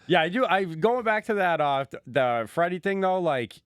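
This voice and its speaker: A man's voice: high-pitched, animated, moderate pace, smooth, dry recording, studio quality. Rambling, profane man telling stories. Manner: rambling, profane, jokey storytelling. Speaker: podcast co-host. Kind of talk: casual chat.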